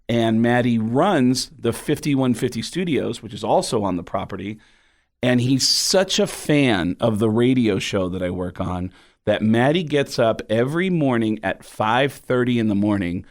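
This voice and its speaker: A man, a comedian, telling a story in a casual interview and acting out the people in it. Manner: animated storyteller, jumps into high excited voices for quoted people. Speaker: comedian guest.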